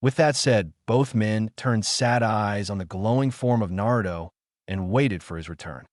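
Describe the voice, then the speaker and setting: A man reading fan fiction aloud in a steady storybook narration. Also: fairly low pitch, unhurried, no room sound, studio quality.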